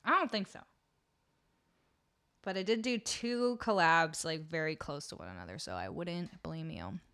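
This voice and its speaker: A woman's voice: deep voice, lively intonation, normal speed, a bit bright, clear, resonant tone, dry recording, studio quality. Canadian girl streamer chatting away with her chat, voice jumps all over, laughs a lot. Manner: chatty, laughing, trailing off mid-sentence. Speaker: music livestreamer. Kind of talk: casual chat with live chat.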